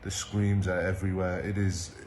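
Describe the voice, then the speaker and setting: An exhausted man speaks in a very low, flat voice. He talks haltingly, breaking up his account with pauses and ums. A faint hiss runs under the clip. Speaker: medic. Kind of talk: recorded video account.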